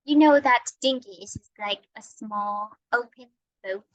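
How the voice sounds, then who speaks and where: A woman's voice: on the high side, a little slow, no echo, dull audio. A woman with a Vietnamese accent teaching an online English lesson, patiently checking that her student follows. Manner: patient, checks understanding often. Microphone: computer mic on video call.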